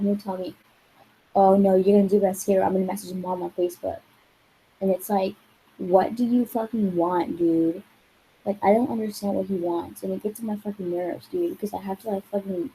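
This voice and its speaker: A woman's voice: medium pitch, dark tone, slight background noise, poor audio. A woman vlogger telling a rambling, exasperated story in casual talk, full of swearing and "like". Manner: rambling and profane, heavy use of "like".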